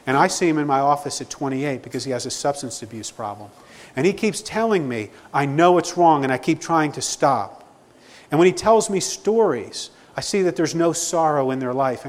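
Earnest man teaching in a reverberant hall. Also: a little high. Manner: earnest, reflective, rambling with restarts. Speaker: Christian counselor answering questions. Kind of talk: spoken Q&A teaching.

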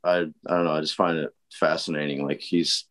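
Guest guy on a podcast, deep low voice, lots of um and like, kinda hesitant. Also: flat delivery, fairly quick, a bit bright. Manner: hesitant, many ums and likes. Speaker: podcast guest, band vocalist. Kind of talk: casual interview chat.

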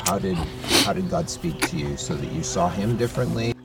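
A man interviews a guest in a heavily gravelly voice that moves up and down a lot, gently prompting with questions. He sounds distant from the mic, with loud music playing under his voice. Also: mid-range voice, very animated, fairly quick.

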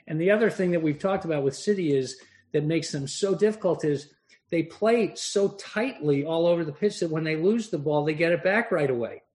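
Analytical man, slightly high voice. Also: brisk, a little mellow. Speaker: podcast co-host. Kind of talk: casual sports chat.

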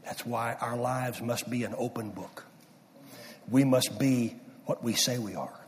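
A middle-aged man preaching a sermon, swinging from loud emphasis down to hushed near-whispers. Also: medium pitch, unhurried, slight background noise. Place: church sanctuary. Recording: distant mic with long hall reverb.

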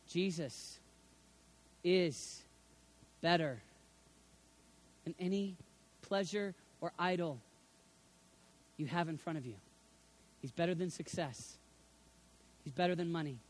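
A middle-aged man preaching a sermon, swinging from hushed, low passages to loud, shouted appeals.

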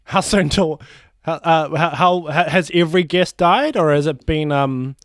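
A man guest on a comedy podcast, talking in a halting, stammering way. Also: on the high side, dry recording, clean studio sound. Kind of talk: improvised comedy chat.

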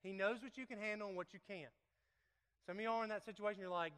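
A pastor delivering a sermon in a reverberant hall, his voice high and bright. He banters and laughs with his listeners between points. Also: quick pace. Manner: playful, laughing, talks to congregation. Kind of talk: sermon with live demonstration.

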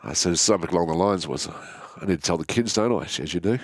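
An Australian man telling his own story in an interview, candid and halting, often restarting his sentences. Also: low-pitched. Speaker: guest.

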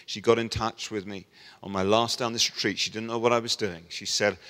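A middle-aged man preaches, telling a story and acting out the voices of the people in it. His voice is bright and forward. It rings out with a long reverb, as if he stands in a large hall. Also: on the low side, fairly quick. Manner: storytelling, animated voicing of quoted people. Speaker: pastor. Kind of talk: sermon.

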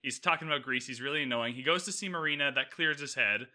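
Bright-voiced man, rambling casual chat. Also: medium pitch, quick pace. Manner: rambling, filler-heavy, animated retellings. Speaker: podcast co-host reviewing a TV series.

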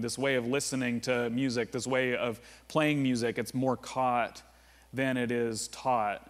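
Guy preaching a sermon, chatty, lots of likes and uhs, echoey church hall. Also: medium pitch. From United States. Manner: conversational, with frequent "like" and "uh" fillers. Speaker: pastor. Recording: long reverb of a large room.

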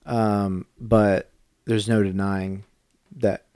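A man's voice: lowish voice, flat delivery, drawn-out words, mellow, clean tone, dry recording, studio quality. A middle-aged man co-hosting a podcast in casual chat, talkative and tripping over his words now and then. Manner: chatty, trips over words. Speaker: podcast co-host.

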